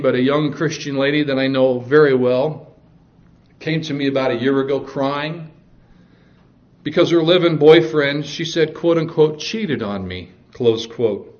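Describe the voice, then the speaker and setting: A man's voice: medium pitch, dull audio. A male pastor preaching a sermon, reading scripture aloud and mixing jokes with stern warnings.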